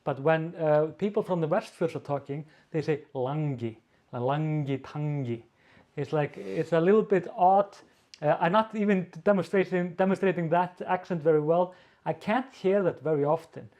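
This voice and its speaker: A man with an Icelandic accent, hosting a casual video-call Q&A as an editor, talking haltingly with many fillers and restarts. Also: high-pitched, darkish tone. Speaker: editor-in-chief, co-host.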